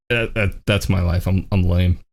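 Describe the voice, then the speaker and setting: A man's voice: low voice, gravelly. A young man co-hosting a casual podcast chat, joking and poking fun at himself. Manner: joking, self-mocking. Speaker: co-host.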